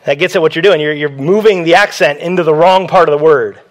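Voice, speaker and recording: With a fairly high-pitched male voice and a quick pace, a pastor delivers a sermon in a conversational preaching style. He repeats key phrases for emphasis.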